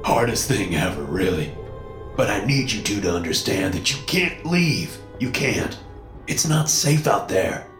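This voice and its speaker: A man's voice: on the low side, very animated, a little slow, fairly bright tone, soft background music, voice pushed up. An overprotective father, raw with emotion and stern, pleads and lectures, as a male narrator plays him. His voice rises and falls widely, set in an echoey room. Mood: emotional. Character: tearful, overprotective middle-aged father.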